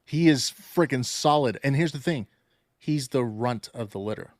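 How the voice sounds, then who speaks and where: A man's voice: mid-range voice, moderate pace, no room sound. Easygoing co-host man, dry close mic. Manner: easygoing, chimes in with short agreements. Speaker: podcast co-host. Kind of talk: casual chat.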